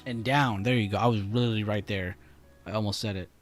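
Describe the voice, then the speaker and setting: A young man talks casually on a live stream, relaxed and slangy, often breaking into laughter. His voice sits a little on the low side. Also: fast talker, soft background music. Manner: laid-back, laughing, slangy. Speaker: trading livestream host. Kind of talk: casual chat on a livestream.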